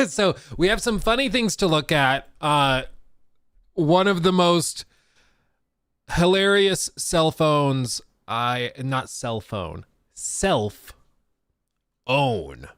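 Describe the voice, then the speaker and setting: A man's voice: mid-range voice, expressive, slow, pauses often, a bit bright, clean tone, no echo, clean studio sound. A man streaming gaming news in casual, jokey chat, rambling with restarts and coming down with a cold. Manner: rambling, jokey, self-deprecating, frequent restarts.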